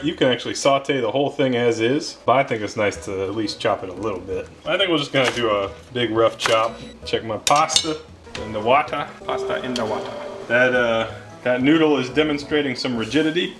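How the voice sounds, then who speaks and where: A man hosting a casual cooking vlog in his home kitchen, with goofy, deadpan wordplay. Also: medium pitch, a little fast. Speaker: cooking show host. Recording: music playing underneath.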